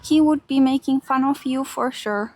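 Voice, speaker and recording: Young finnish girl walking a park on stream, giggly, talks to chat, a bit high pitched. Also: normal speed, a little mellow. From Finland. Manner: chatty, giggly, reads and answers chat while walking. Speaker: IRL streamer. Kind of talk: casual live-stream chat. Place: large park outdoors.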